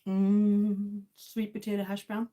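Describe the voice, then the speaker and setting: A woman's voice: mid-range voice, monotone, takes it slowly, dark tone. A woman hosting a casual livestream, chatting and greeting viewers while eating. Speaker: livestream host.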